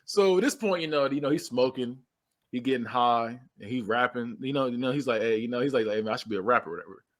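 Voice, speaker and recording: A man's voice: mid-range voice, fast talker. A man co-hosting a podcast, retelling a movie scene in casual chat, acting out the characters' lines and laughing often. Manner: animated storytelling, acts out quotes, laughs often. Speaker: podcast co-host.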